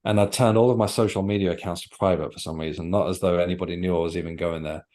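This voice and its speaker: A man being interviewed as an author on a podcast, telling a personal story in a reflective, earnest way and pausing to search for words. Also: deep voice, steady tone, a little mellow. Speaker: author guest.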